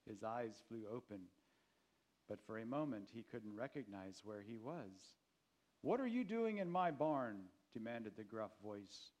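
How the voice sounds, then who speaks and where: A man narrating a children's story in a gentle, measured way. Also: medium pitch.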